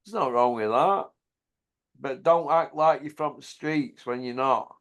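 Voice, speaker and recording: Slow-drawling man. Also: mid-range voice, fairly bright tone. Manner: jokey, mocking, slangy, drawn-out phrasing. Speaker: channel host. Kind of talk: casual banter about boxing.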